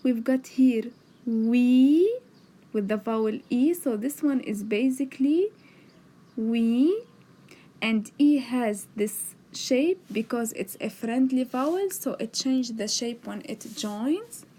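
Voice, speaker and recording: A woman's voice: on the high side, expressive, takes it slowly, mellow. A woman teaching a beginners' alphabet lesson, patiently sounding out letters and words and explaining each step. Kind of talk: slow explanatory lesson narration. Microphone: tablet microphone.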